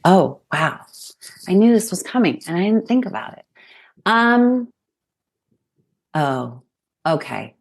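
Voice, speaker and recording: Low, slow, gravelly-voiced woman guest. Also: very animated. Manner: reflective, warm storytelling. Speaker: guest therapist. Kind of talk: podcast interview conversation.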